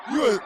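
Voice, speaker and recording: A man hosting a comedic live internet radio show, ranting loudly and bluntly in crude slang to his listeners, often shouting. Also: heavy background noise. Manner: loud, animated, often shouting and laughing.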